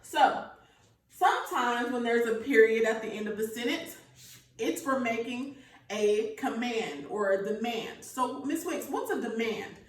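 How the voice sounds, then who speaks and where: A woman's voice: on the high side, a little slow, far from the mic. A woman teaching a grammar lesson to young children, explaining each point patiently and checking in with "okay" after each one. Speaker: elementary school teacher. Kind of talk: recorded remote grammar lesson. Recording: echoey room, voice from off the mic.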